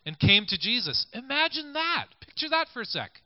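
A male preacher works through a scripture passage in a relaxed, conversational sermon. His pitch sits fairly high and swings widely, rising and dropping with each point. The sound is dull and lo-fi. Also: normal speed, hardly any pauses, no echo. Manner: conversational, invites listeners to picture scenes. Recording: dull lo-fi recording.

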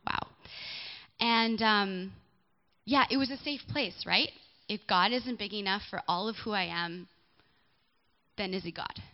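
A woman's voice: mid-range voice, measured pace, long pauses, highs cut off. A young woman sharing a personal testimony at a church gathering, talking candidly and chatting with people in the audience. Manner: candid and chatty, with asides to listeners. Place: church hall with a live audience.

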